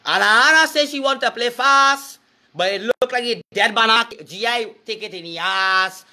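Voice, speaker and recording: A man's voice: very high voice, moderate pace, sharp tone. A man with a Trinidadian accent giving a crude, preachy rant, breaking into sing-song chants. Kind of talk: profane rant to camera.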